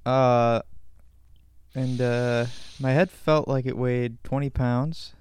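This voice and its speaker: A man's voice: medium pitch, steady tone, takes it slowly, a little mellow, clear, resonant tone, no room sound. A young man co-hosting a podcast, telling a rambling, jokey story in casual chat.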